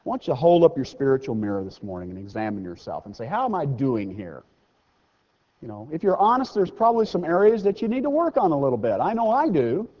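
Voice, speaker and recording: A pastor with a fairly high, lively voice gives a sermon in a church. His speech echoes with a long reverb, and the recording sounds a little dull. He talks in an easy way, slows down to read scripture, and pokes fun at himself. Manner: conversational preaching, slows down and rises for scripture readings; self-deprecating asides. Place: church sanctuary.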